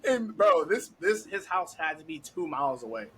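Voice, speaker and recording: A young man hosting a podcast, telling a story in a casual, animated way, laughing often and acting out what people said. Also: on the high side, normal speed, over a noisy crowd, poor audio. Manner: animated, laughing, heavy cursing, acts out quotes. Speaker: podcast host.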